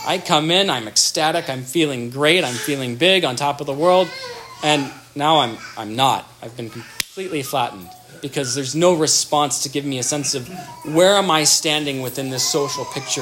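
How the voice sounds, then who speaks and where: A man giving an earnest, animated explanatory talk on attachment in relationships, acting out example dialogue as he goes. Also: on the high side, normal speed, faint music behind.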